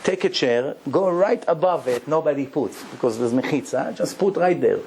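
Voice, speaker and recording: A man's voice: a little high, expressive, normal speed, a little mellow, slight background noise. A rabbi playing an eager, kind religious woman. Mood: coaxing. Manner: coaxing, eager helper. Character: kind, helpful religious woman at a holy wall.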